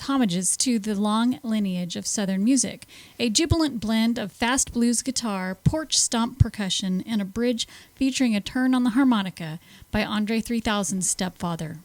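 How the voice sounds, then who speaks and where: A woman co-hosting a radio show, reading her notes in a smooth, even delivery. Her voice is recorded dry and close, with no room echo. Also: a little high. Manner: smooth even reading, brief agreeing replies.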